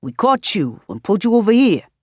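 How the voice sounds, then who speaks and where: A woman's voice: medium pitch, very animated, brisk, husky, no room sound, clean studio sound, voice pushed up. A woman voicing a portly, kindly middle-aged man with a heavy New York accent. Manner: kindly, warm-toned.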